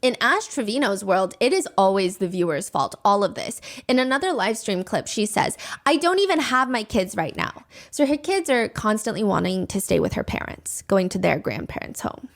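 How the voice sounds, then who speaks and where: A woman's voice: mid-range voice, very animated, moderate pace, vocal fry, hardly any pauses. Wry woman narrating internet drama. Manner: wry, judgmental storytelling. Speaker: commentary host.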